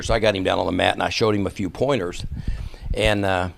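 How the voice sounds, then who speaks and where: Podcast guest, male, gravelly lowish voice, lively raconteur who acts out every quote. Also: a little fast, slight background noise. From Texas. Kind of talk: casual storytelling.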